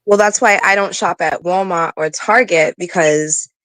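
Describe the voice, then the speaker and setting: Low-voiced middle-aged New woman chatting. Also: a bit bright, low-quality recording. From New England. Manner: chatty storyteller, drawn-out emphasis. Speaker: podcast co-host. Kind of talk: casual chat.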